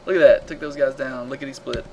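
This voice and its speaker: Excitable man streaming a space shooter. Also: mid-range voice, quick pace, creaky, low-quality recording. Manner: excitable, reacting loudly to combat and reading chat aloud. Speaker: live-stream game host. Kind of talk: casual gameplay commentary.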